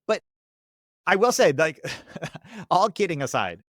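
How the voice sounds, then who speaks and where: A man in his thirties chatting casually as a podcast guest, acting out quoted voices with lively swings. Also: high-pitched, slow, no echo, studio quality. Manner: animated, acts out quoted voices. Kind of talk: casual chat.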